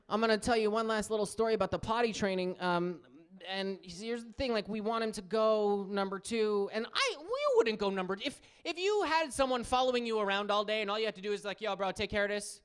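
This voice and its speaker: A man in his thirties doing a stand-up comedy set on a club stage, telling animated stories and acting out the people in them. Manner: animated storytelling, acts out quotes in higher voices.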